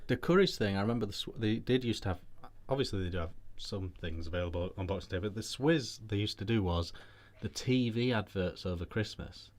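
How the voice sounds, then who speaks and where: A British man hosts a relaxed chat show, his voice sitting a little low. He tells long, rambling anecdotes, restarting his sentences as he goes. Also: fairly quick. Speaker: vape show host. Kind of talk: casual chat.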